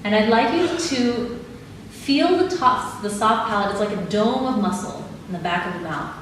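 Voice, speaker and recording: A woman's voice: mid-range voice, moderate pace. Woman guiding an audience in an echoey hall. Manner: calm, instructive, laughs easily. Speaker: speaker leading an audience exercise. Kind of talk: live talk with guided exercises. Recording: echoey hall, mic at a distance, audible background noise.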